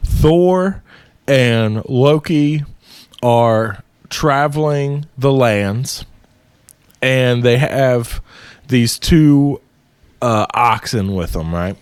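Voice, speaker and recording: Slow, clear-voiced man telling a story. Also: mid-range voice, no room sound. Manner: profane, animated retelling. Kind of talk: casual storytelling.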